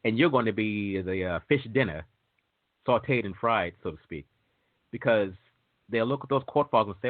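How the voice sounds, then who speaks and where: A waiver consultant hosts a casual talk show about entry waivers in a fairly low voice at normal speed, leaving long pauses. Chatty and prone to tangents, he acts out the quoted exchanges he explains. Audio is tinny, like over a phone.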